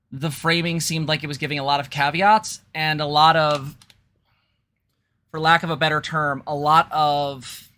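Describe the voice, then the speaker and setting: Bright-voiced chatty woman host. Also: sits low. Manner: chatty, conversational. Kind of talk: casual commentary.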